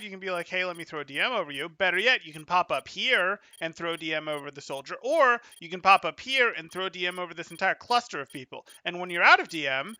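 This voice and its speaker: Game coach, male, high and piercingly bright voice, brisk emphatic delivery, repeats key points. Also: dry recording. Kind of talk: live gameplay coaching commentary.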